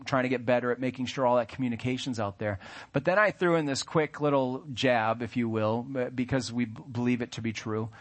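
A man preaching to his congregation in a relaxed, conversational way. He drifts into everyday stories and pokes gentle fun at himself, in a voice of middling pitch. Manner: conversational, storytelling with self-deprecating asides. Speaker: pastor. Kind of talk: sermon. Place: church sanctuary.

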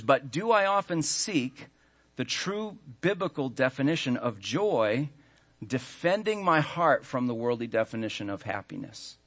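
Man, pastor, sermon, earnest, slows for scripture, mid-pitched voice. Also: big pitch swings, a bit bright, breathy edge. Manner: earnest preacher, stresses words, slows down on scripture.

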